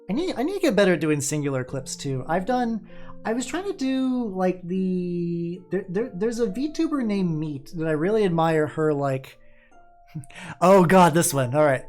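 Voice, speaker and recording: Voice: mid-range voice, expressive, a little mellow. Rambling VTuber streamer with faint music. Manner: rambling, chatty, trails off into mumbles; quick restarts and repeated words. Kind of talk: casual stream chat while painting. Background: faint music playing.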